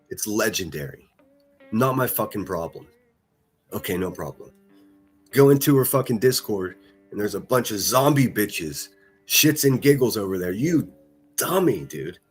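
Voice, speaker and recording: Husky, profane ranting man. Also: medium pitch. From northern United States. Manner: profane, mocking, combative. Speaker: livestreamer. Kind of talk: ranting livestream chat.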